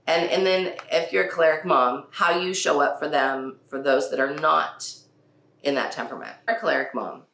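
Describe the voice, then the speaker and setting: A woman's voice: sits low, fairly bright tone. A woman hosting a casual parenting talk. She laughs often and acts out quotes from her children. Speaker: podcast host. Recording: echoey room.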